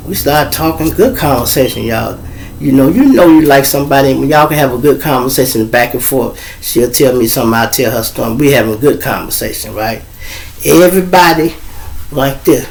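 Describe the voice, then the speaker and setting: A man's voice: fairly high pitch, gravelly, slight background noise. A middle-aged man with a Chicago accent, hosting his show and telling loose, joking stories in raw street talk. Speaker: show host. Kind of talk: casual storytelling monologue.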